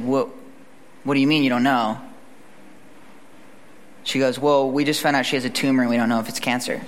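Guy preaching in a big reverby hall, bright forceful voice, chatty and animated, does little voices for quotes. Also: mid-range voice. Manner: animated, conversational, acts out quotes. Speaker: pastor. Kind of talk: sermon with storytelling.

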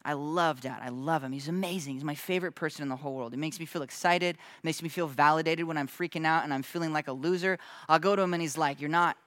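A man preaching in a loose, conversational way, acting out quick voices and laughing now and then. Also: a little high, dry recording. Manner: animated, acts out quick voices in his story. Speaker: pastor. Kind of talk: casual conversational sermon.

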